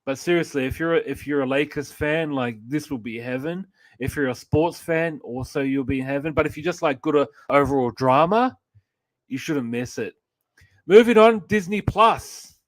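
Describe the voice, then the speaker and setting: A man's voice: fairly high pitch, normal speed, no room sound. A man co-hosting a live show, chatting casually and gushing with praise about a series. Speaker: co-host. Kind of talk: casual pop-culture chat.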